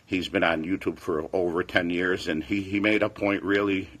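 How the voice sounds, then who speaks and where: A man's voice: sits low, little pitch movement, moderate pace, fairly bright tone, slight background noise. A man in his forties, a fitness vlogger, chatting casually and rambling defensively, repeating himself. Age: 40s. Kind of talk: casual livestream chat.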